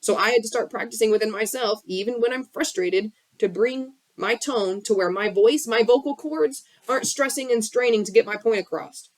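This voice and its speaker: A woman's voice: on the high side, normal speed, hardly any pauses, dry recording. Blunt, swearing woman giving life advice. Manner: blunt, swears freely, impassioned. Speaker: spiritual coach on a live stream. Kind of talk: casual motivational talk. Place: her bedroom. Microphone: phone.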